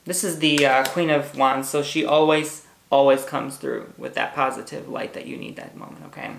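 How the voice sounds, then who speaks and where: A man's voice: mid-range voice, level tone, moderate pace, creaky, reverberant, slight background noise. A man giving a pick-a-card tarot reading, bubbly and hyper, gushing and repeating words. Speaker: tarot reader.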